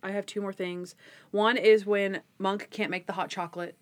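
Young female podcast co-host; casual, lively storyteller who acts out scenes. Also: mid-range voice, moderate pace. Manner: animated retelling, acts out scenes, laughs a lot. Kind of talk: casual chat recapping a TV episode.

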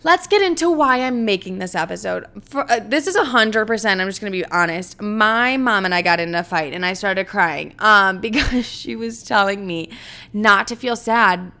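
A woman's voice: medium pitch, lively intonation, moderate pace, pushed and bright. A woman hosting her own podcast, talking candidly and rambling in a casual, profane way. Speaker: podcast host. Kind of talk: casual solo podcast chat.

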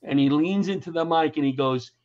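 Brisk and fairly high-pitched, the middle-aged comedian-firefighter recounts anecdotes during an interview and animatedly voices the people in them. It's a dull, lo-fi recording.

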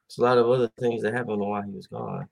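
A man's voice: medium pitch, steady tone, fast talker, gravelly. A man hosting a casual talk show, rambling animatedly with many fillers and acted-out quotes. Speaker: podcast host. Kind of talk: casual chat about basketball.

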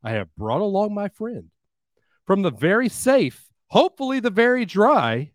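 A playful man from Alabama hosts a podcast from his studio, telling jokes and hamming up the intro. His voice sits high and swoops widely, and the dry, close mic leaves no room sound at all. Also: moderate pace, no echo. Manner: animated, playful, breaks into song. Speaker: podcast co-host. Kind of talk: casual podcast banter and joke-telling.

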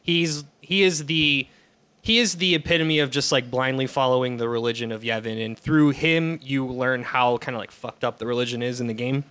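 A man co-hosting a comedy podcast, chatting casually with wry, quick asides. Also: medium pitch, steady tone, fairly bright tone, clear, resonant tone. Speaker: podcast co-host.

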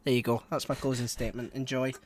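A man's voice: mid-range voice, flat delivery, fast talker. Rambling male podcast co-host. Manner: rambling, swings between mumbled asides and loud exclamations. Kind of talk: casual podcast chat.

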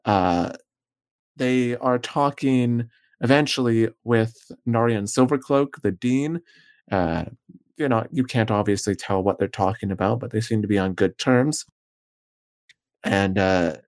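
A man running a tabletop game, describing the scene to his players. He talks in a relaxed, easygoing way, at a middle pitch, and fills in the details as he goes. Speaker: game master.

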